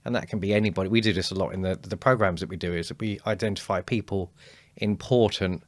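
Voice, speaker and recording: A man, a speaking coach talking as a guest in a casual podcast conversation, animated and acting out quotes. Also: low voice, quick pace, no echo. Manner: animated storyteller, acts out quotes.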